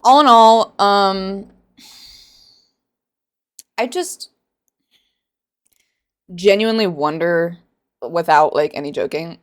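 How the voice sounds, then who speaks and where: A woman's voice: medium pitch, takes it slowly, long pauses. A woman hosting a casual book reaction vlog, sarcastic and rambling, often laughing at her own jokes. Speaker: book reviewer.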